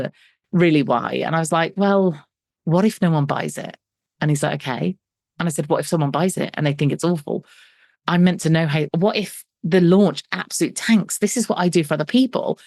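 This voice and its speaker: A woman's voice: lowish voice, a little mellow, dry recording, studio quality. A middle-aged woman, a business coach interviewed as a guest, telling her story animatedly and acting out the dialogue with self-deprecating humour. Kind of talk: conversational storytelling.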